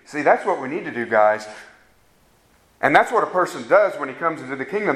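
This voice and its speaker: A man's voice: fairly high pitch, very animated, a little fast, a bit bright. A man preaching a fervent sermon that rises to emphatic peaks. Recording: echoey room sound.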